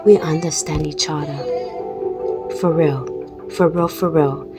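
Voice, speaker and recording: Chatty woman vlogger with a Hawaiian Pidgin accent; slow, easygoing delivery with plenty of restarts, music playing behind. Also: low-pitched, fairly even intonation, poor audio. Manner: chatty, laughing, many restarts. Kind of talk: casual explainer talk.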